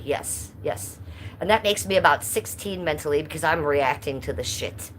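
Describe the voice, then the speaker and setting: A woman's voice: fairly low pitch, animated, measured pace, long pauses, fairly bright tone, slight background noise. A woman livestreaming casually from a handheld phone at home, reading chat aloud in a blunt, sweary, jokey way. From Cleveland, US. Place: at home, stepping outside in the cold. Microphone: phone held by hand.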